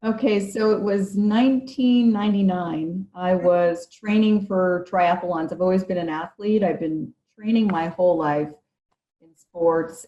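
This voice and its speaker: A woman's voice: fairly low pitch, a little mellow. A middle-aged woman, a podcast guest, telling her personal story in an earnest, vivid way. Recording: echoey room, dull lo-fi sound.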